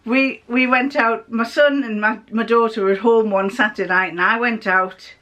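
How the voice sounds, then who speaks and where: A woman's voice: a little high, steady tone, moderate pace, a bit bright. An older woman chatting casually in a giggly, storytelling way as she vlogs from a car. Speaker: vlogger. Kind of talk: casual vlog chat.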